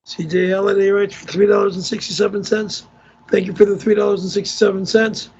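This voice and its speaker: Irritable male streamer, high gravelly husky voice, slow grumbling delivery, dull lo-fi sound. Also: little pitch movement, a little mellow. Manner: gruff, irritable, exasperated, swears. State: wearing a tight neck brace. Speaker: livestream host reading tips. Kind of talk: casual livestream talk.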